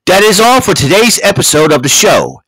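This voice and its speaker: A man voicing a grandiose male show announcer who declaims the sign-off loudly in a raised voice. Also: wildly swooping pitch, fairly quick, slightly rough, exaggerated voice, low-quality recording. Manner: loud, high, declaiming sign-off.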